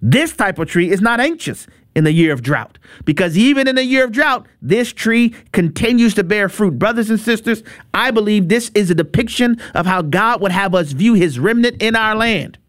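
A man preaching on a radio appeal, emphatic and animated, often repeating words in quick bursts and making playful asides. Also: sits high, no room sound, clean studio sound.

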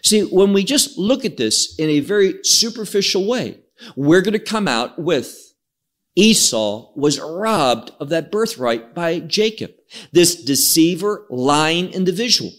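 A man preaching an expository sermon, reading scripture and explaining it with slow emphasis. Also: high voice, very animated.

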